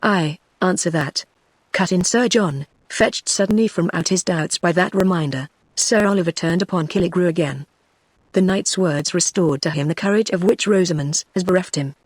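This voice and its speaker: A text-to-speech voice with a woman's sound and a British English accent, giving scripted narration of a novel in an even, machine-made reading. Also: lowish voice, moderate pace, no echo.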